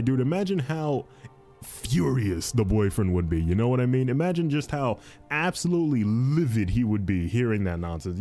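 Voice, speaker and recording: Young male podcast host, mellow and animated, casual commentary with faint music behind. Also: medium pitch, moderate pace. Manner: repetitive, animated, says "dude" and "fiendish". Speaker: podcast host reading advice posts.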